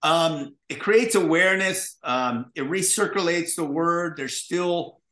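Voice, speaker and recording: A man who is a guest on an interview show, telling stories in an animated, profane way and acting out the dialogue. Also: on the high side, a little slow, echoey room. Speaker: guest, pizza restaurateur. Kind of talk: casual interview storytelling.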